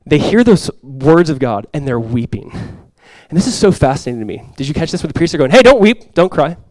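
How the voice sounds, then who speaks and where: A man's voice: medium pitch, expressive, a little fast, dry recording. Man preaching a passionate sermon. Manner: impassioned preaching, swells loud for quoted cries then drops soft. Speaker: pastor. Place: church sanctuary before a congregation.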